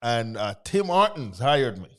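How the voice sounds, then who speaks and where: A man with a Jamaican accent chats as a guest on a talk show. His voice sits at a middle pitch, and he tells his stories in an animated way and laughs easily. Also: unhurried. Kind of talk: casual chat.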